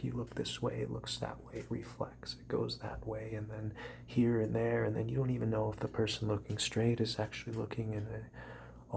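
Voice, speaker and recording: A man rambling in a meandering, repetitive way for an ASMR video, often dropping into soft whispers. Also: lowish voice, vocal fry, noisy background. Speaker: ASMR creator.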